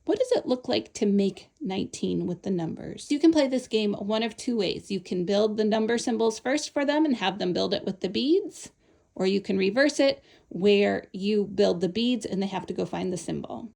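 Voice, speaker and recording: A woman's voice: mid-range voice, moderate pace, creaky, a little mellow. A woman explaining a Montessori lesson step by step in a patient, instructional way. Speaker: Montessori teacher. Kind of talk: instructional demonstration.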